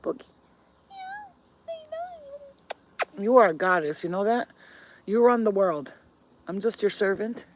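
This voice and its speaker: A woman's voice: fairly low pitch, a little mellow, slight background noise. A woman vlogger telling stories to camera in a blunt, profane way, breaking off to talk baby talk to her pets. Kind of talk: casual storytelling to camera.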